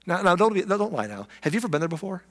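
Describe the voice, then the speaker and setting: A man preaching a sermon, telling a story with lively expression and acting out the people in it. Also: high voice, very fast, in a large hall. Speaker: pastor.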